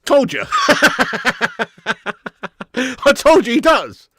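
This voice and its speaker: A man's voice: extremely high pitch, huge pitch swings, extremely slow, fairly bright tone, slightly rough, dry recording, studio quality. A man hosting a live football watch-along stream, joking with chat in slangy banter and laughing often.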